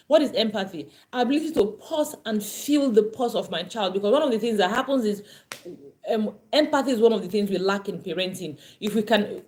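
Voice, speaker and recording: A woman's voice: mid-range voice, dark tone. A woman parenting coach teaching an online class, earnest and emphatic, often repeating her points.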